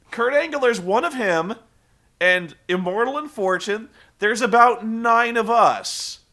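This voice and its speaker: A man casually recapping a wrestling show, rambling and profane, telling the story with animated energy. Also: sits high.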